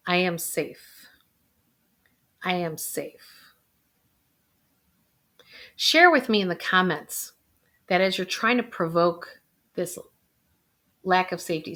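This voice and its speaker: A middle-aged woman hosts her own vlog as a financial planner, leading viewers through a guided emotional exercise. Her voice is bright and forward, and she moves between energetic coaxing and slow, soft affirmations. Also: fairly low pitch. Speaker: financial planner and video host.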